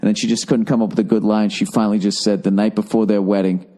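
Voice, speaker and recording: A man's voice: lowish voice, level tone, fast, mellow. Blunt, profane American man. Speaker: podcast host. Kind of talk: casual podcast chat.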